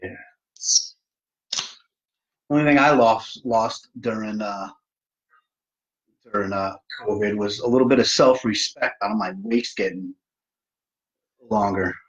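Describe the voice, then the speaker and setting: A middle-aged man hosts a laid-back livestream from his home, poking fun at himself and addressing viewers directly. His fairly low voice moves slowly with long pauses, and the audio is dull.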